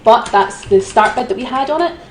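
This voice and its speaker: A woman's voice: fairly high pitch, expressive, brisk. A woman hosting a live auction, chatty and giggly with frequent ums. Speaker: auction host. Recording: roomy echo with faint noise.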